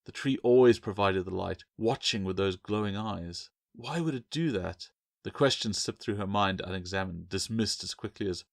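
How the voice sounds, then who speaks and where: Author-narrator: low, even male voice, dry close sound, steady dramatic storytelling. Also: moderate pace, gravelly, no room sound. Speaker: author reading own book. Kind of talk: audiobook narration.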